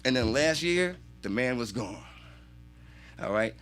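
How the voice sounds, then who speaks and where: A man's voice: mid-range voice, expressive, a little slow, a bit bright, faint music behind. A man telling a story in casual podcast chat, acting out the people he quotes and swearing freely. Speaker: podcast guest.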